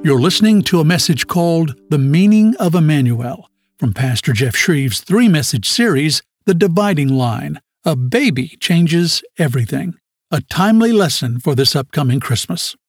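A male announcer reading a scripted radio ministry promo in a smooth promotional manner. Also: on the high side, expressive, normal speed, dry recording.

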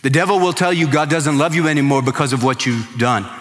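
A man preaching a sermon as pastor, impassioned, swinging from quiet pleading to raised emphasis. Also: fairly high pitch, quick pace, long reverb tail, faint music behind.

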